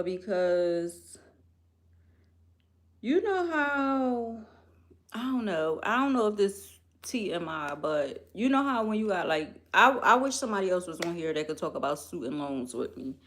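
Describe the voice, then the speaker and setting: A woman's voice: lowish voice, animated, measured pace. A young woman chats loosely on a live stream, speaking right to her viewers. She takes her time and lets her thoughts wander from one to the next, rambling in no hurry. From Philadelphia, US. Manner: chatty, rambling, talks straight to viewers. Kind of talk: casual live-stream chat.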